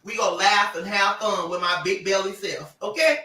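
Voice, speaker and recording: Bright, animated man talking on a livestream. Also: high voice, normal speed, roomy sound, recorded from a distance, poor audio. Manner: animated and sassy, laughing often. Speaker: social media personality on a livestream. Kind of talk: casual livestream talk to followers.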